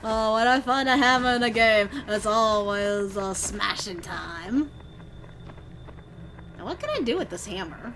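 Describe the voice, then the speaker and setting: A woman streaming a game, chatting along, muttering to herself and breaking into sudden yells. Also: medium pitch, animated, a little slow, slight background noise. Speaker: vtuber streamer. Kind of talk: gameplay commentary.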